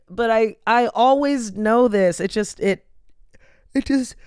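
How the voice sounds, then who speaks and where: Young woman podcast host, tired and yawning, loose rambling chat; very smooth, resonant tone, dry close sound. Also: mid-range voice, measured pace, darkish tone, no room sound. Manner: rambling, lots of "like" and "um". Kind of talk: casual solo chat.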